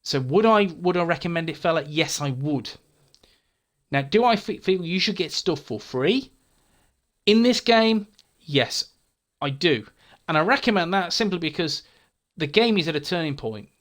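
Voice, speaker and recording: Gamer guy chatting through viewer comments, calls everyone mate, voice sits a bit high. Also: lively intonation, moderate pace, a bit bright. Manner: chatty, frank, repeats words, says mate. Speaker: gaming channel host.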